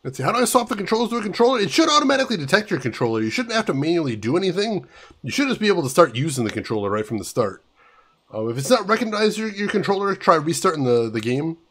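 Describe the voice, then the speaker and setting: A man's voice: high-pitched, big pitch swings, fast, fairly bright tone. A man casually commenting as he plays a video game and reads chat aloud. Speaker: gaming streamer.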